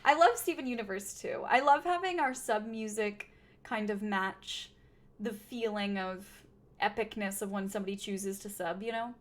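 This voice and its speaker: A woman's voice: mid-range voice, normal speed, slight background noise. A woman streaming a game, chatting casually with her viewers and thinking aloud, nursing a slightly sore throat. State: sore throat, sipping tea. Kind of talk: casual game livestream chat.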